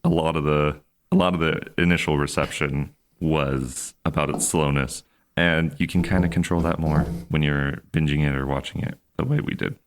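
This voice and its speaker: A man with a very deep, low voice hosts a podcast with a loose, joking manner. He hesitates and restarts often, thinking aloud as he goes. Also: steady tone, normal speed. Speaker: podcast host. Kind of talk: casual chat.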